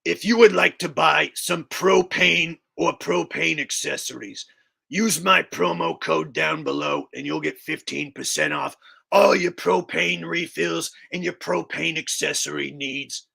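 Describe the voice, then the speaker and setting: A man doing an impression of a stern middle-aged cartoon dad who scolds in gruff fatherly lectures. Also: a little high, a little slow, bright, forceful tone, full character voice. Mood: salesy.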